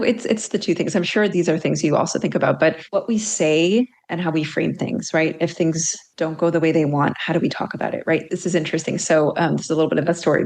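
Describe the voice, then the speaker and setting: A middle-aged woman career coach on a podcast, telling stories animatedly and acting out quotes. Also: low voice. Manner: animated storytelling with acted-out quotes. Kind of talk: podcast interview, telling a story.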